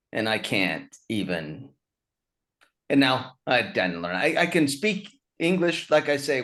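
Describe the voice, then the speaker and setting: A man in his fifties from Utah, talking casually over a video call. His low voice swings up and down a lot as he tells wry, self-mocking stories. He laughs easily. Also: fairly bright tone. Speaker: stand-up comedian, guest.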